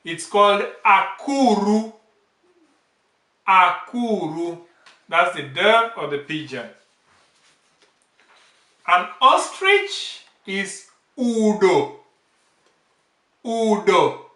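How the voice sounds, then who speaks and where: A man teaching bird names, saying each word slowly and repeating it several times. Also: high-pitched, sing-song, sharp tone. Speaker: language teacher. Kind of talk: slow vocabulary lesson, repeating each word. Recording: echoey room, off-mic.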